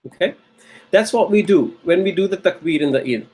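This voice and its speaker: A man's voice: sits high, animated, normal speed, darkish tone, slightly rough. A man teaching a recorded Arabic grammar lecture, patiently repeating key phrases and often checking with "okay?".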